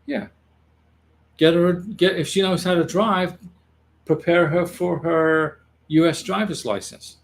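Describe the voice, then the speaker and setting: A man's voice: high-pitched, slow, vocal fry, slight background noise. A man hosting an advice livestream, talking casually to viewers in a reassuring way and often repeating or restarting his phrases. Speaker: immigration advice livestream host.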